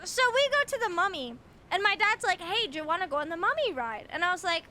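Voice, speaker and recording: A young woman streamer telling an animated story in casual chat, swearing freely. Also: very high-pitched, fast, a little hiss or hum. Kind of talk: casual chat while gaming.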